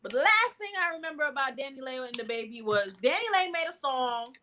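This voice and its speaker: A woman's voice: high voice, fairly quick, background noise. A woman co-hosting a podcast, telling stories in loose, slangy, casual chat. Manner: loose slangy storytelling, animated gossip. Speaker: podcast co-host.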